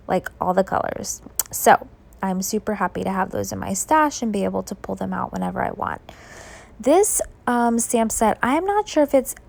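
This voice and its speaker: Woman, sleepy late-night voiceover, gravelly, rambly chat with lots of fillers. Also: medium pitch, a little mellow. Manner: chatty, rambling, many fillers. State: sleepy, yawning. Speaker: scrapbooking video creator. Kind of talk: casual voiceover narration. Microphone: voice-over.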